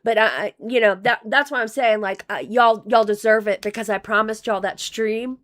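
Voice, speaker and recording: A woman live-streams and reads donations in a rambling, profane way, with plenty of restarts and a voice that's fading. Her pitch is fairly high, her pace moderate, and her tone a bit bright.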